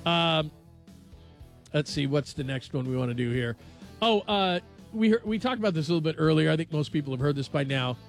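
A man hosting a late-night radio sports show, chatting casually and joking with his co-hosts. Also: fairly high pitch. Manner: animated, jokey, laughs often.

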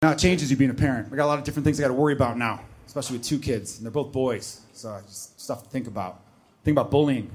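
A man's voice: medium pitch, very fast, a little mellow. A man doing a stand-up set, telling a blunt, escalating story about being a protective father of two boys. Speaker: stand-up comedian.

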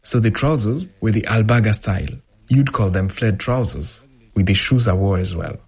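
A man with a husky voice reading a translated first-person account as a voice-over, in a lively storytelling manner. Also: lowish voice, normal speed. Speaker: voice-over interpreter.

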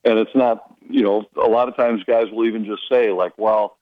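A man's voice: lowish voice, fairly even intonation, moderate pace, dry recording, narrow, tinny audio. Male hockey broadcaster telling stories on radio. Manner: storytelling, mimics others' voices in quotes. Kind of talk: casual radio chat, telling anecdotes.

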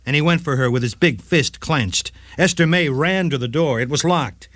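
A man's voice: a little high, moderate pace, no room sound, clean studio sound. A man hosting a short legal radio segment, reading a scripted case story with dramatic flair. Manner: dramatic, lively storytelling read.

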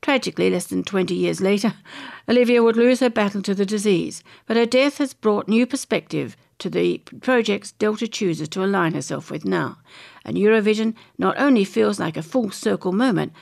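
Australian woman, gravelly fry, reads celebrity news aloud and chimes in chattily. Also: medium pitch, expressive, moderate pace, darkish tone. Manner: chatty, chimes in with her own opinions between read passages. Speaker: presenter reading entertainment news. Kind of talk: reading magazine articles aloud with casual asides.

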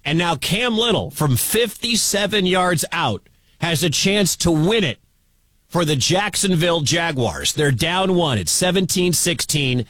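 A man calling a live football game on radio as play-by-play announcer, excitable and building to shouts at big plays. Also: a little high, unhurried, no room sound.

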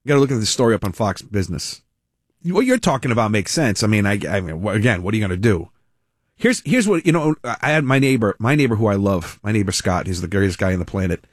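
A man's voice: on the low side, big pitch swings, fast, dry recording, clean studio sound. A man hosting a call-in radio talk show, blunt and opinionated.

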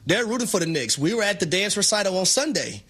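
A man co-hosting a sports talk show, telling stories in an animated, preacher-like way. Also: sits high, fast, breathy edge. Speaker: sports radio co-host.

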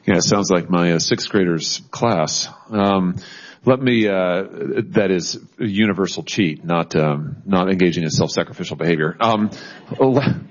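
A man chairing a formal hearing who questions witnesses in halting speech full of restarts. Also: low-pitched, muffled recording.

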